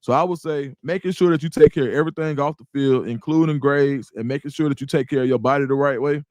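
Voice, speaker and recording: A middle-aged man with an Atlanta accent, hosting a casual livestream, reading chat comments and talking in a loose, animated, slangy way. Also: mid-range voice, fast talker, no room sound, clean studio sound. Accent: Atlanta Black Southern English. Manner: animated, repeats words, slangy, reads chat aloud. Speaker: livestream host.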